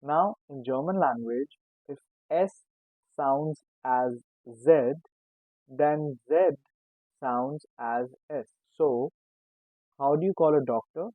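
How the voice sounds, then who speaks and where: A male teacher walks beginners through a lesson at a slow, deliberate pace and says every example word twice. His voice comes through thin and narrow, like a phone line, in a dry, close recording. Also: mid-range voice, no echo. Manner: slow and explanatory, repeating each word. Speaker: German language teacher. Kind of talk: casual spoken lesson. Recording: tinny phone-like sound, dry.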